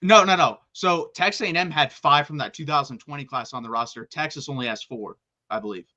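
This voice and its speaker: A man co-hosting a college football talk show, chatting casually in an excitable, rapid-fire way and often restarting his sentences. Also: on the high side, highs cut off. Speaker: college football podcast co-host. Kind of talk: casual sports chat.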